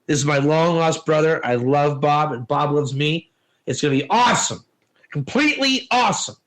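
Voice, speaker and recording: A man's voice: high voice, takes it slowly, creaky, a bit bright, a little hiss or hum, heavily acted, rough recording. A man voicing an overexcited young male football fan who gushes about his best buddy. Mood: gushing. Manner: gushing, giddy.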